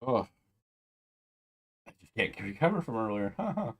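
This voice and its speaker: A man reviewing a wrestling show in casual commentary, ranting with exasperation and sarcastic asides, loud one moment and muttering the next. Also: mid-range voice, big pitch swings, normal speed, breathy edge.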